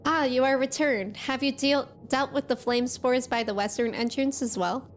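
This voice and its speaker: A woman reading game dialogue aloud as a wistful old merchant, in a measured storybook manner. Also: sits high, faint music behind, lightly acted.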